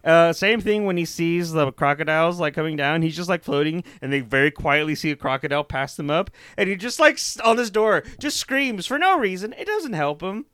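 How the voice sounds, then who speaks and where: Lively, bright-voiced man cursing freely. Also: fairly high pitch, a little fast, few pauses, clear, resonant tone, no room sound, studio quality. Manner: animated, profane, mimics screams. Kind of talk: casual chat.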